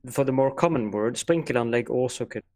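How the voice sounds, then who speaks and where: Measured, slightly formal man co-host. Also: medium pitch, a little mellow. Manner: measured, careful and a bit formal, with hesitant fillers. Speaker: podcast co-host. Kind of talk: casual chat.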